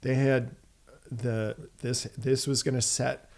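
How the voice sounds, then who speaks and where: A man from Saskatchewan, guesting on an interview show, speaks at an ordinary middle pitch. He reflects aloud in a measured way. He keeps pausing on a rhetorical "right?". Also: flat delivery, gravelly, a little mellow. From Saskatchewan, Canada.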